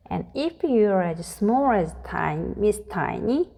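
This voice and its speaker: A woman reading a children's picture book aloud in a deliberate, expressive way. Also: medium pitch, vocal fry. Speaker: storyteller. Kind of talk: children's story read-aloud.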